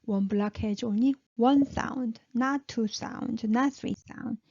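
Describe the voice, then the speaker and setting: A woman teaches a language lesson slowly, her voice mellow and a little high, with no room sound on a dull, muffled lo-fi recording. She patiently repeats each syllable in drills and keeps checking in with "okay?".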